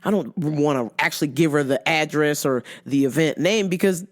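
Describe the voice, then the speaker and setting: A woman's voice: sits low, moderate pace. A woman hosting a casual chat show who swears freely, laughs often and tells stories animatedly. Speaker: host.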